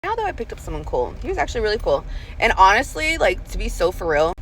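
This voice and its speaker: In this casual storytelling vlog, a woman in her thirties who drives rideshare and also works as a realtor talks from inside her car. Her mid-range voice is fast, very animated and fairly bright as she tells chatty, profane rideshare stories, laughing often. There's slight background noise.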